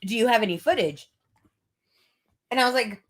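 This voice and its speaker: A woman's voice: medium pitch, fairly quick, pauses often. A young adult woman co-hosting a casual chat stream, telling stories with fillers and giggles. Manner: chatty storyteller, giggly, many fillers. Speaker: co-host.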